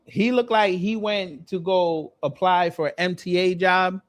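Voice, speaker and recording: A man hosting a commentary video, roasting someone with slangy, deadpan jokes. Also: sits high, unhurried. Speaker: host.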